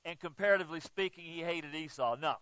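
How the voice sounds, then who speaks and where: A male pastor preaching a sermon, swinging between loud emphatic exclamations and hushed asides, and joking with the congregation. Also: on the high side, fast, dry recording, muffled recording. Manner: jokes with the congregation.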